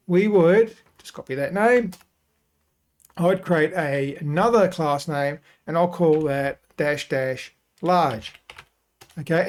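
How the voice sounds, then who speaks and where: A man hosting a software tutorial, talking casually and thinking aloud as he works through each step. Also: fairly high pitch. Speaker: web design tutorial host. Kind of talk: screen-recorded software tutorial.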